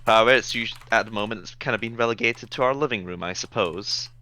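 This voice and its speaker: A man voicing a polite, slightly wry female innkeeper in a tabletop game, with a bright, clear voice in a dry room. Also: on the low side, fast talker. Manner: politely formal, a little wry.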